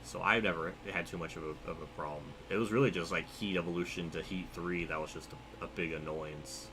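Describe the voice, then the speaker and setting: A man's voice: deep voice, fairly even intonation, a little fast, noisy background. A man streaming a racing game, chatting loosely and rambling, often laughing at his own jokes. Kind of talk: casual live-stream commentary.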